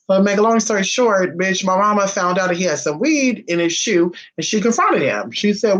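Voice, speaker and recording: A man's voice: high-pitched, animated, normal speed, few pauses, fairly bright tone, low-quality recording. A man vlogging casually, telling family stories in a sassy, flamboyant and profane way. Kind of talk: casual storytelling.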